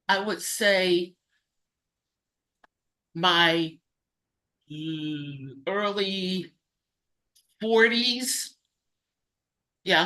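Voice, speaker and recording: A woman guest casually demonstrating a recipe and telling her story, halting and correcting herself often. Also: medium pitch, sharp tone. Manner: halting, self-correcting, many fillers.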